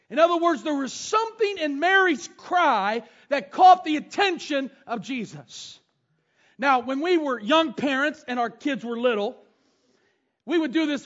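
A middle-aged pastor with a very high, somewhat bright voice preaches a sermon, reading scripture aloud and retelling it alongside stories from family life. The recording sounds dull and lo-fi.

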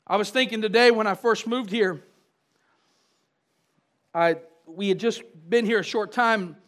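High, bright-voiced preacher man. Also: measured pace. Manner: preaches with rising, emphatic repetition and asks the congregation questions. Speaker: pastor. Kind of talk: sermon.

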